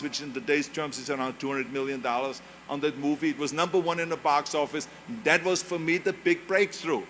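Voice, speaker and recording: A man's voice: on the high side, a bit bright, a little hiss or hum. A man with an Austrian accent, giving a motivational speech in an emphatic way and repeating key phrases for weight. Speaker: speaker.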